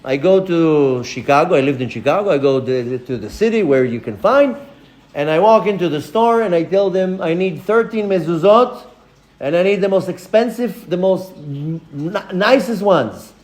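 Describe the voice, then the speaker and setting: A man, a rabbi, giving a lecture as a lively personal story, acting out the voices of the people in it. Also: high-pitched, normal speed. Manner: animated storyteller acting out dialogue.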